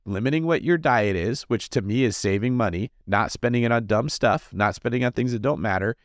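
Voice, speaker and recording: Podcast host guy, lively and jokey, swings his pitch all over, dry studio sound. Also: brisk, no echo. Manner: animated, jokey, fidgety delivery. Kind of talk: energetic casual monologue.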